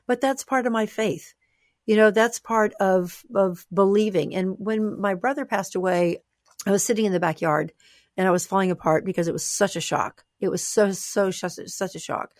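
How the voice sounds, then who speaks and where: A woman author talking as a guest in an interview, animated and expressive, sometimes playful. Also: medium pitch, normal speed, no room sound, studio quality. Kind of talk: conversational interview.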